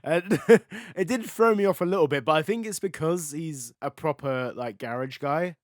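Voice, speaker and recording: A man's voice: fairly high pitch, normal speed, dry recording, studio quality. A young British man co-hosting a podcast, easygoing and rambling, laughing often. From Britain. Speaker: podcast co-host. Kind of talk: casual chat reviewing anime.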